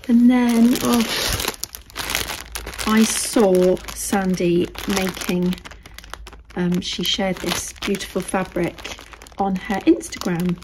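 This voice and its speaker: A British woman vlogging casually as she shows craft items to the camera. She chats easily and often drops into soft, half-whispered asides. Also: on the low side, background noise. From United Kingdom.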